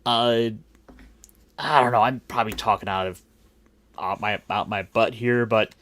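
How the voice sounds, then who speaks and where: A man's voice: on the low side, steady tone, measured pace, fairly bright tone. A man from Cleveland, hosting a casual podcast chat in a rambling, jokey way full of restarts. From grew up in Cleveland and Puerto Rico. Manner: rambling, self-interrupting, jokey. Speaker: podcast host.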